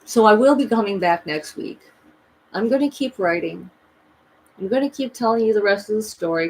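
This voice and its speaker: A woman's voice: medium pitch, slight background noise, poor audio. A woman vlogging a rambling, emphatic personal story, full of restarts and voices she quotes. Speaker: spiritual vlogger.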